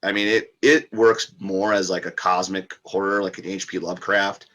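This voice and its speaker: A man's voice: low voice, little pitch movement, moderate pace, bright, forceful tone. A man, a book author and podcast guest, talking in a rambling, casual way with many fillers and restarts.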